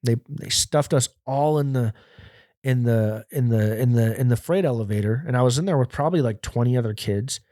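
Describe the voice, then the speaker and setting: A man's voice: medium pitch, a little fast, dark tone, no room sound. A man hosts a podcast and tells a long, casual story with heavy profanity. His voice sits in an ordinary mid range and he wanders off on tangents. The recording is close and dry. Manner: rambling, heavily profane, laughing. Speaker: podcast host.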